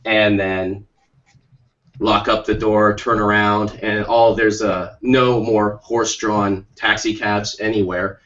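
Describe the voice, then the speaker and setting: A man's voice: lowish voice, fairly even intonation, takes it slowly, a bit bright. A man co-hosting a podcast, telling a rambling, jokey story with many restarts. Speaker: podcast co-host. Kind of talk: playful storytelling chat. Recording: muffled lo-fi stream audio.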